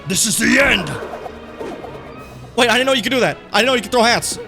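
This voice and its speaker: Man putting on a cocky cartoon plumber hero, taunting, mock-heroic, high and loud, faint music behind. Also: a little fast, creaky.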